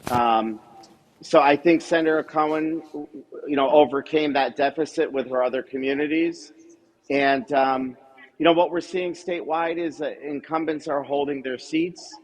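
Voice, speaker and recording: A man with a slightly high voice calls in to report election results. He speaks in a measured, hedging way, leaning on fillers as he works through the numbers. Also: fairly even intonation, poor audio. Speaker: party official calling in results. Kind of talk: live call-in update.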